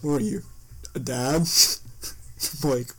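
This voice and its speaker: A man's voice: medium pitch, takes it slowly, sharp tone, slightly rough. A young man co-hosting a casual podcast, talking hesitantly with lots of fillers. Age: young adult. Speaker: podcast co-host.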